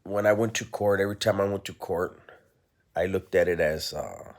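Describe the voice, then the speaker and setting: Man with a very low voice, blunt storytelling. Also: normal speed. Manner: blunt, reflective, peppers speech with "right?" and "you know". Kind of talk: candid personal storytelling.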